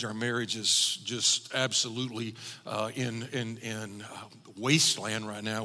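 Gravelly-voiced preacher in a reverberant hall. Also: male voice, mid-range voice, steady tone, moderate pace, pushed and bright. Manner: earnest, building to emphatic preaching. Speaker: pastor. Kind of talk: sermon.

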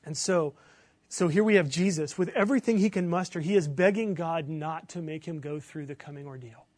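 High-voiced earnest male preacher. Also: fairly quick, a little mellow, no echo. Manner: earnest, builds to emphatic bursts then drops low. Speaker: pastor. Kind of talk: sermon.

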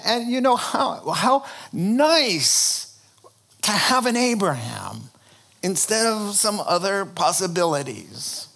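A man preaching a sermon in an animated, humorous storytelling way, often restarting his phrases. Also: high voice, gravelly, slightly rough. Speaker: pastor.

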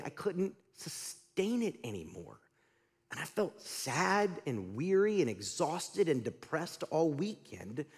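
A husky, fairly high male voice belongs to a middle-aged pastor whose sermon rings out with a long reverb tail. He engages the congregation conversationally with questions, preaching energetically before dipping abruptly into quiet.

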